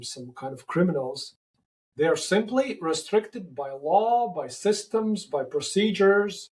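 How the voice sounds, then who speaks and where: A man answering interview questions in a halting way, often repeating and restarting words. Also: high-pitched, poor audio. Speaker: podcast guest.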